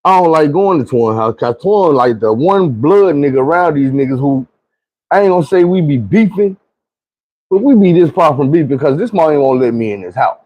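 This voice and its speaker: A man telling a long, profane, slang-heavy story from his youth in a lively, animated way. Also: fairly high pitch, brisk, dull audio. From Arkansas. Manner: animated, slangy, acts out quoted friends.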